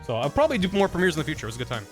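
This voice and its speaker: A man's voice: on the high side, wildly swooping pitch, racing, soft background music. A young man chatting casually on a live stream, rambling with frequent stammered restarts.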